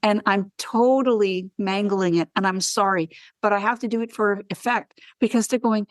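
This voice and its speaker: A woman talks as a guest on a wellness podcast and tells her stories with animated, acted-out dialogue. Her voice sits at a middle pitch. It is recorded dry and close, with no room sound. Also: moderate pace, few pauses, no echo. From Canada. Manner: animated storyteller who acts out dialogue. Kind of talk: podcast interview.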